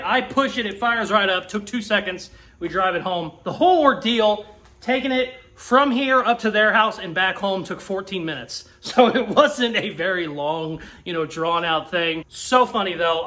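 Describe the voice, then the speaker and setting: A young man chatting casually in a garage vlog, excited, laughing often and swearing casually. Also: sits high. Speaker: custom car builder and YouTuber.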